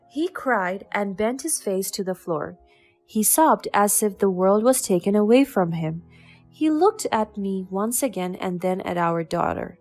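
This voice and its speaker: A woman narrating a first-person story in an even, measured way. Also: mid-range voice, faint music behind.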